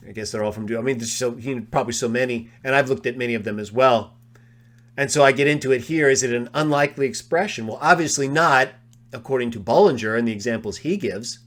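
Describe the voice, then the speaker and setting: Guy in a live bible grammar talk, mid pitch, methodical, keeps rereading quotes slowly. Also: fairly bright tone. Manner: methodical, repeats quoted phrases slowly for emphasis. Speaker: presenter of a biblical grammar study. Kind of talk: explanatory lecture walking through his written notes. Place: live online discussion.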